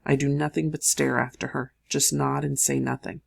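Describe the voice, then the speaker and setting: An audiobook narrator reading a first-person novel in a measured storytelling manner. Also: male voice, mid-range voice, flat delivery, gravelly.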